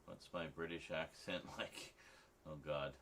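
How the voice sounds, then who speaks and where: A man's voice: extremely low pitch, fairly even intonation, a little slow, vocal fry, fairly bright tone, a little hiss or hum. A man hosting a late-night livestream, chatting casually with viewers and rambling with many restarts. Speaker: livestream host. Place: home at night.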